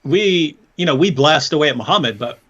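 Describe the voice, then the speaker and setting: A man co-hosting a casual livestream chat, talking in an animated, mocking way and laughing often. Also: on the high side, brisk, slightly rough. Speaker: co-host. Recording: dull lo-fi stream audio.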